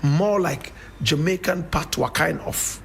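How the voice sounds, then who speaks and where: A man's voice: a little high, slow pace, creaky, fairly bright tone, a little hiss or hum. A Ghanaian man with a Ghanaian English accent giving a fiery, preachy radio monologue and calling his listeners brother and sister. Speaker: radio show host.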